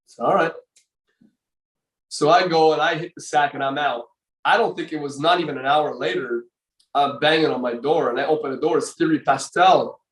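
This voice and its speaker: A man's voice: fairly high pitch, moderate pace, a bit bright, roomy sound, distant mic, low-quality recording. An older man, a former bodybuilder, telling a long story as a podcast guest, rambling with many fillers and restarts. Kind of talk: casual storytelling interview.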